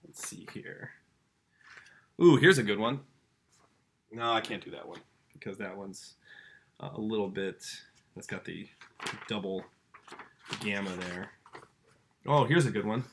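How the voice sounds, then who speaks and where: A man's voice: on the low side, unhurried, pauses often, a bit bright. A man teaching a casual lesson, talking straight to the kids and their parents with eager enthusiasm. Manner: enthusiastic, chatty, addresses the kids directly. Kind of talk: informal home-school lesson.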